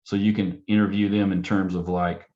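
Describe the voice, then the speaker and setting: A man with a low voice speaks as a counselor, loose and conversational. He slips into a gentle, curious tone to act out what he would say to parents. The sound is dull and lo-fi. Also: little pitch movement, moderate pace. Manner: acts out client and parent dialogue in a softer, curious tone. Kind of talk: casual panel talk.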